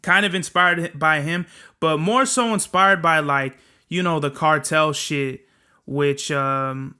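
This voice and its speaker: Young male podcast host, rambling and profane, bright and crisp tone. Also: a little high, fairly even intonation, takes it slowly. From Southern California. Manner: profane, rambling, slangy storytelling. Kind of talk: casual solo podcast monologue.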